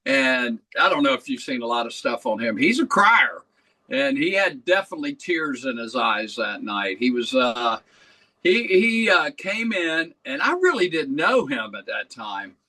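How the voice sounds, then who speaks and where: A man with a bright, forward voice swings his pitch widely as he spins loose stories. He answers as a rock singer being interviewed, relaxed but lively. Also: a little slow, poor audio. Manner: easygoing, animated storyteller. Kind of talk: conversational storytelling.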